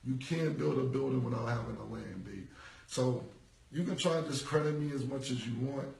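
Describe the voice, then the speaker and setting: A man's voice: medium pitch, moderate pace, vocal fry, a little mellow, reverberant, far from the mic, low-quality recording. A man in his forties in a casual livestream monologue, rambling and repeating himself in street slang. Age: 40s. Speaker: rapper. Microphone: phone.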